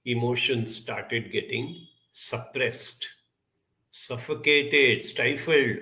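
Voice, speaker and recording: A man telling a personal childhood story as a podcast guest, in a measured, emphatic way with long pauses. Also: mid-range voice, pushed and bright, roomy sound, poor audio. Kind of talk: reflective storytelling.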